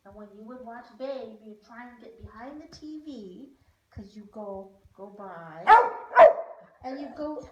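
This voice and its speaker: A woman with a fairly high voice talks to her dog in a coaxing, sing-song way, telling him his own story. She sounds a little distant from the mic, in an echoey room with faint background noise. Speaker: dog owner. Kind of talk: storytelling to a pet.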